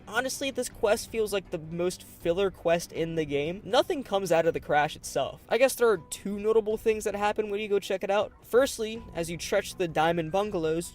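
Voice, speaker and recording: High-voiced man narrating a video essay. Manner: casual, irreverent, profane asides.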